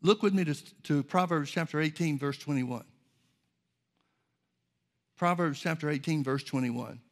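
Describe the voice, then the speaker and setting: A man preaching a sermon in a measured way, reading scripture aloud and explaining it. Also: a little high.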